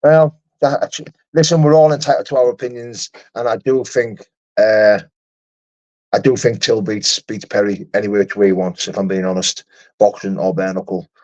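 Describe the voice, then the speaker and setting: Answering viewer comments on a casual livestream, a young British fighter rambles, curses, and keeps restarting his sentences. The voice is on the low side, a little mellow, steady in tone, at normal speed, and the audio sounds dull.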